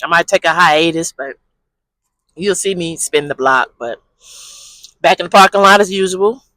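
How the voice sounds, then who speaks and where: A man with a high, sharp voice talks straight into his vlog, rambling freely with slang and profanity. He sits in a parked car, and the sound is close and dry with no room echo. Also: moderate pace. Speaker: vlogger, channel host. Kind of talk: casual talking-head vlog. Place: parked car in a parking lot.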